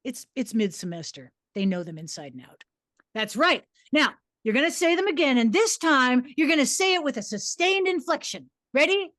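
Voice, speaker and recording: A woman reading her memoir aloud to an audience, a former teacher who tells her story theatrically, swinging her pitch and volume as she acts out her own classroom commands. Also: very animated, moderate pace, fairly bright tone, dry recording, studio quality. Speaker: memoir reader, former high school teacher.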